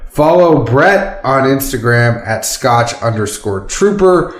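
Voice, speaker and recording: A man's voice: medium pitch, expressive, slow pace. A man co-hosting a casual podcast, joking with friends and rattling off plugs for the show. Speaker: podcast co-host. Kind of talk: casual chat. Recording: echoey room.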